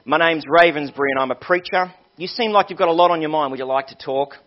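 A pastor voicing a kindly travelling preacher. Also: male voice, on the high side, fast, close to an everyday voice. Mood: gentle. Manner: gentle, caring questions. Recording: dull lo-fi sermon recording.

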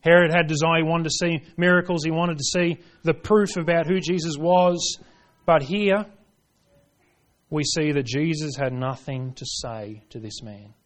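Emphatic male preacher, fairly high voice. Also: steady tone, a little slow. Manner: emphatic, swings between hushed and forceful; reads scripture aloud in King James wording. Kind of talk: sermon.

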